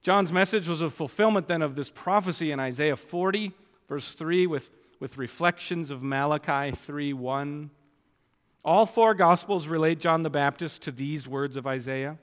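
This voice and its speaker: A man preaching an expository sermon, emphatic and stressing key phrases by slowing down. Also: fairly high pitch, a bit bright, long reverb tail.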